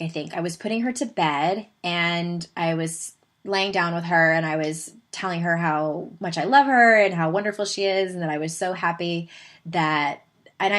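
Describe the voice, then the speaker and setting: Chatty Southern California woman host. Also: on the low side. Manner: chatty and animated, with laughing asides. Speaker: podcast host. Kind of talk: casual storytelling monologue.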